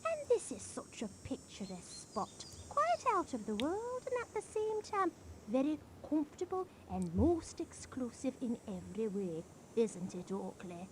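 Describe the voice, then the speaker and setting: A woman's voice: fairly high pitch, big pitch swings, measured pace, background noise. An actress voicing a chatty, gossiping middle-aged wife on holiday with a northern English accent, forever turning to her husband for agreement. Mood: gossipy. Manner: gushing, keeps prompting her husband. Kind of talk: video game voice acting.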